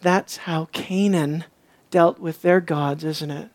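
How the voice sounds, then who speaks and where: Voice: mid-range voice, steady tone, takes it slowly, a little mellow. Preacher, sermon, emphatic repetition, rhetorical questions.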